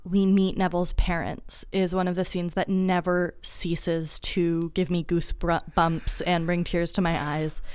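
A woman co-hosts a relaxed book chat, thoughtful and quick to be moved. Her voice is smooth and clear, a little low for a woman, and recorded close and dry. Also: no room sound. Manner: thoughtful, emotional, laughs easily. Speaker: podcast co-host. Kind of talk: casual book discussion.

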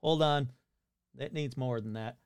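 A man's voice: mid-range voice, a little slow, very noisy. A man hosting casual comedic commentary, rambling, exclaiming and cutting himself off. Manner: rambling, exclamatory, self-interrupting. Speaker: host.

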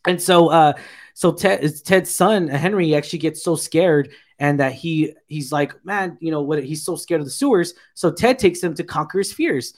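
A man's voice: a little high, lively intonation, moderate pace. A man co-hosting a casual TV review chat, retelling scenes in a rambling, filler-heavy, enthusiastic way. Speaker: podcast co-host reviewing a TV episode.

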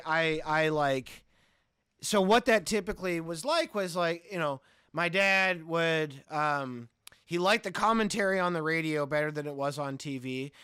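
Male actor guest, rambling and profane, smooth bright voice. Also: on the high side, no room sound, studio quality. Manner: rambling, swears, laughs mid-sentence. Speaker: podcast guest, actor and author. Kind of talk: casual chat.

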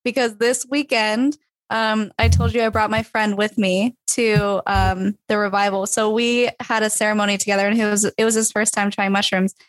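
A woman's voice: medium pitch, flat delivery, moderate pace, dry recording, rough recording. A woman hosting a casual podcast conversation, upbeat and laughing often. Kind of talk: casual chat.

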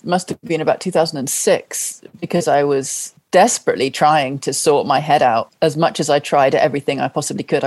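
A woman's voice: sits low, a little mellow. A middle-aged woman speaking as an interview guest, telling a personal story earnestly and with heartfelt, emphatic repetition.

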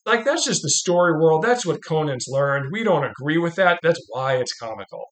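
Hosting a podcast, a middle-aged man with a fairly high voice chats casually at a moderate pace about a film. He gets animated, acting out its quotes.

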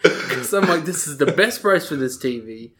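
A man, co-hosting a podcast and telling a story in an animated, laughing way. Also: on the high side, moderate pace. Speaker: podcast co-host. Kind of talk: casual storytelling chat.

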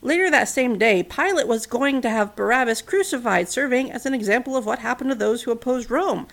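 A woman's voice: a little high, expressive, fairly quick, fairly bright tone. A woman casually retelling a Bible story, mixing narration with chatty, wry asides and fillers.

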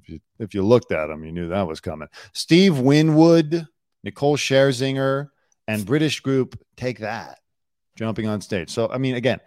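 A man hosting a casual celebrity news podcast, sarcastic and quick to drop into mocking impressions. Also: medium pitch, animated, a little mellow, dry recording, clean studio sound. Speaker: podcast host, former celebrity news producer. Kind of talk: casual chat.

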